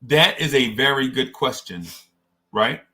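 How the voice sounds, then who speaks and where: A man hosting a podcast, chatting casually about sports in an animated, digressive storytelling way. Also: mid-range voice, unhurried. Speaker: podcast host.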